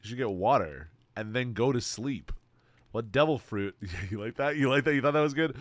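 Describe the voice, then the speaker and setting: A man's voice: mid-range voice, a little slow, long pauses, dry recording, clean studio sound. A man casually chatting with viewers while streaming a game, laid-back and swearing freely. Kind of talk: casual livestream chat.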